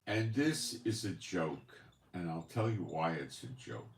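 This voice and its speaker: Man, very low voice, rambling commentary, rhetorical questions, echoey room. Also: animated, a little slow. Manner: conversational, rambling, lots of asides and rhetorical questions. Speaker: channel host. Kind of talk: casual spoken commentary. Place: home studio in Israel.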